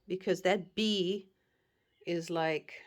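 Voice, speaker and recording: A middle-aged woman chatting casually as she shows her stitching and quilts, gentle and rambling, with soft laughs and fillers. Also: on the low side, fairly even intonation, slow pace. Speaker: cross-stitch shop owner and vlog host. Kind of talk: casual show-and-tell chat.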